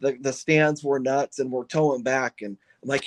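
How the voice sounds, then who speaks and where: Man, race team owner, eager storyteller, rambling and animated, mid pitch. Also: moderate pace. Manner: excited, rambling, full of restarts. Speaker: funny car team owner and driver. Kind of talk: podcast interview, casual storytelling.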